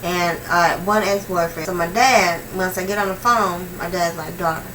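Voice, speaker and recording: A young woman vlogger telling a personal story in a casual, slangy, animated way, swinging between hushed and loud. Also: fairly low pitch, moderate pace, distant mic, a little hiss or hum, rough recording.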